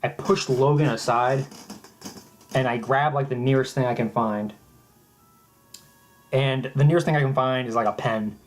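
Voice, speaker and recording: A young man telling a mock-serious story in a halting, deadpan way, often restarting his sentences. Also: mid-range voice, soft background music. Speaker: vlogger.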